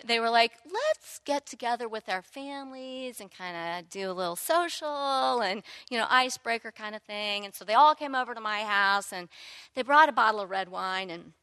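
Bright, candid woman telling her testimony. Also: a little high, no room sound. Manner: animated, candid storyteller. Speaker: church member sharing a testimony. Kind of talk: personal testimony storytelling.

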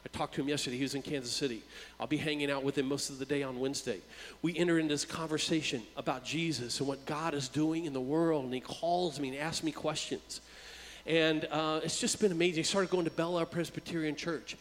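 A man who works as a youth worker, preaching in a relaxed, conversational storytelling way and often repeating words as he starts a phrase. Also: fairly high pitch, brisk, in a large hall, low-quality recording. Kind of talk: storytelling sermon.

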